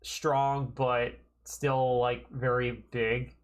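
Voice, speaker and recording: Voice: medium pitch, flat delivery, extremely slow. A streamer commentating a live playthrough, with self-deprecating, giggly asides. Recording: game music behind the voice.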